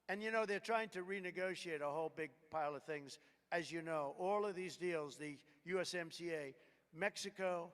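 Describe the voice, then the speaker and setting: A man's voice: high-pitched, fairly bright tone. An older man giving a rambling, repetitive campaign rally speech with sarcastic asides. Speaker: political speaker at a rally. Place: large hangar rally venue. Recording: echoey hall from a distance.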